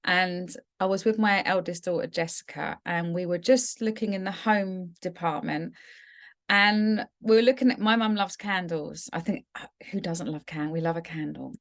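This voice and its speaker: A woman's voice: on the low side, normal speed. A middle-aged woman from England, co-hosting a podcast and telling a personal story in a casual, heartfelt way that turns emotional. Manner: warm storytelling, gets emotional. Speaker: podcast co-host. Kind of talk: casual chat.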